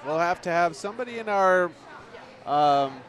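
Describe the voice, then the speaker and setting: A man's voice: sits high, animated, normal speed, fairly bright tone. A man doing color commentary on a livestream, joking and wandering off on tangents. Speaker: curling commentator. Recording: crowd noise behind.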